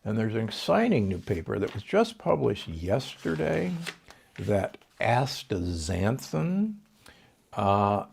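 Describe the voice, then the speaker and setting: An older man speaks with a low, gravelly voice, explaining medical advice in an authoritative tone. He piles up doses and figures and often restarts his sentences mid-thought. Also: darkish tone. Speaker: doctor and guest. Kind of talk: podcast interview.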